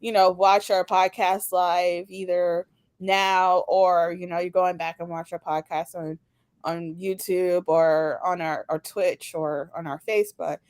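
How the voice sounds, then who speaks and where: A woman's voice: on the low side, little pitch movement, a little slow, darkish tone, smooth, dry recording. A woman co-hosting a podcast in casual chat, talking with lots of fillers and laughs. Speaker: podcast co-host.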